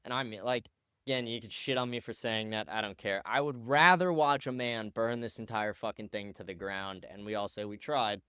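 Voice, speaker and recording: A man's voice: lowish voice, steady tone, moderate pace, sharp tone, clean tone, no room sound, studio quality. Crude ranting male show host. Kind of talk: commentary on clips.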